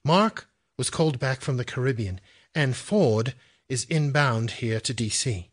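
A man voicing a brisk British woman intelligence analyst, with a put-on British accent and bursts of British slang. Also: medium pitch, lively intonation. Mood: exasperated.

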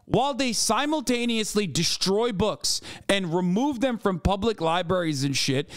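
A high-pitched man rants through a livestream reaction, swearing freely and dripping with sarcasm. His voice comes across smooth and clean, close and dry with no room sound. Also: dry recording. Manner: profane, ranting, sarcastic. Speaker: streamer reacting to a debate clip. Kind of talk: heated livestream reaction commentary.

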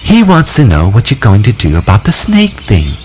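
A man's voice: lowish voice, wildly swooping pitch, normal speed, darkish tone, slight background noise, voice pushed up. A man voicing an anxious, earnest boy who insistently relays a frightened child's words in a storybook reading.

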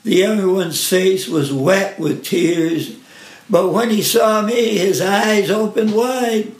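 A man gently reading a first-person family story aloud in an unhurried way. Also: high-pitched. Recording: roomy echo.

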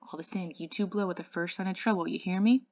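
A protective older brother lays down the rules in a firm, lecturing tone, as a woman reads him aloud. The voice sits a touch higher and louder than plain narration. The sound is dry and slightly dull. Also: fairly even intonation, fast, dry recording. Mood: stern. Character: Darry, bossy protective teenage big brother.

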